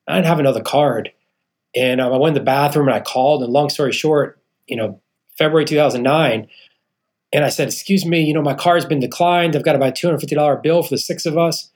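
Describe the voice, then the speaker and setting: A man's voice: fairly high pitch, a little fast. A man in his thirties, a podcast guest, telling an earnest personal testimony and acting out the people in his story. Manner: earnest storyteller, acts out quoted people, calls the host "man". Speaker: guest, real estate founder.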